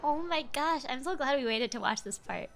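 A woman's voice: high voice, expressive, moderate pace, creaky, a bit bright, faint music behind. A woman streamer commenting on a game playthrough, reacting emotionally with gasps and chatty asides to her chat.

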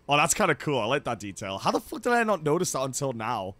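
A young man commentating on his gameplay, swearing freely and yelling when the game goes against him. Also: medium pitch, fast. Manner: excitable, swears a lot, yells in frustration. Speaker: gaming YouTuber.

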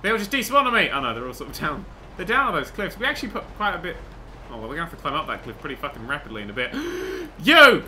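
A young man giving excitable gameplay commentary, swearing, laughing and humming tunes as he plays. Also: fairly high pitch, very fast, a little hiss or hum. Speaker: gaming video host.

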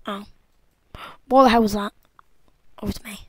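A young woman giving casual, jokey let's-play commentary from home, excitable and talking back to the game as she plays. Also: medium pitch, drawn-out words, long pauses, a little hiss or hum, rough recording. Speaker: gameplay commentator.

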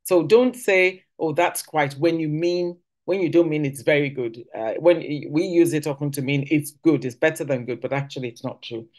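Woman church speaker, chatty teaching tone, voices quoted phrases with big pitch leaps. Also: moderate pace, hardly any pauses, darkish tone.

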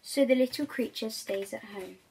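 Breathy woman reading a children's book. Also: a little high, moderate pace. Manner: gentle, chatty with viewers. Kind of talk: reading a picture book aloud.

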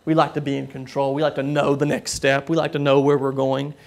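A man preaching a sermon, telling a story with frequent halting restarts and repeated words. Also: medium pitch, monotone, gravelly. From southern United States.

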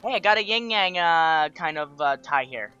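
A woman casually commentating a video game with a friend, excitable and giggly, slipping into playful silly voices. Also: lowish voice, normal speed, clear, resonant tone, highs cut off. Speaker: let's play gamer. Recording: faint game music behind.

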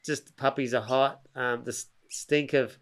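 A man's voice: mid-range voice, measured pace. Rambling Australian man telling yarns. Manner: animated, acts out other people's lines; rambling, with restarts and slang. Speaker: podcast guest. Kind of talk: casual storytelling chat.

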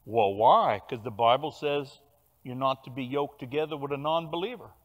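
An older man with a Cajun Louisiana accent preaching a sermon, telling stories with animated bursts of loud emphasis. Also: medium pitch, moderate pace, highs cut off. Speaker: pastor. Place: large church sanctuary. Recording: long church hall reverb.

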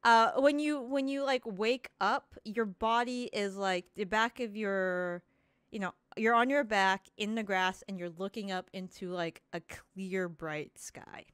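A woman narrating a tabletop game as game master, relaxed and hesitant with many fillers. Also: medium pitch, unhurried, clear, resonant tone, no echo, clean studio sound.

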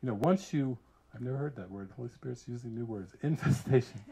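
A man, a spiritual teacher, giving a casual talk full of animated stories and frequent laughter. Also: medium pitch, fast talker, gravelly. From United States. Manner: animated storyteller who laughs often.

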